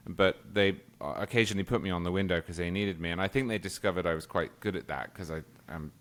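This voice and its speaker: A man's voice: deep voice, fairly even intonation, quick pace, a bit bright. A man with a posh English accent, a guest chatting casually and telling stories with frequent laughs. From England. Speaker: podcast guest. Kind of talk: casual conversation.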